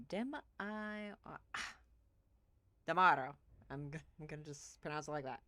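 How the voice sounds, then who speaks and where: A woman's voice: deep voice, moderate pace, sharp tone, dry recording, faint music behind. A woman streaming a game live, chatting and giggling with her viewers. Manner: chatty, giggly, talks to chat. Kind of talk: live game playthrough commentary.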